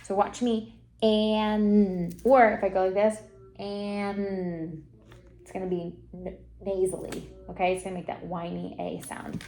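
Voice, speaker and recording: A woman reading teacher giving a one-on-one phonics lesson, encouraging and modelling sounds slowly for a young reader. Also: lowish voice, flat delivery, creaky, a little mellow, a little hiss or hum.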